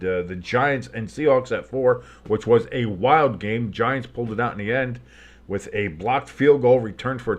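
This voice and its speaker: A tired, yawning man hosting a live football stream, calling the plays with loose, rambling chatter and sudden excited calls. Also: on the low side. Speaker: play-by-play streamer and show host. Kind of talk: live play-by-play commentary with reactions.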